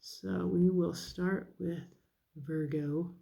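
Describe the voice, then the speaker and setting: A woman with a gravelly, creaky voice gives a casual tarot reading. She talks slowly and thinks aloud as she goes. Her tone is chatty and self-deprecating. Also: lowish voice, fairly even intonation, dark tone. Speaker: tarot reader.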